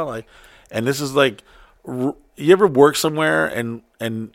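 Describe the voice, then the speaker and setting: Gravelly profane man telling stories. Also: mid-range voice, a little slow, no echo, studio quality. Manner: profane, animated, acts out quotes. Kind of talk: casual storytelling chat.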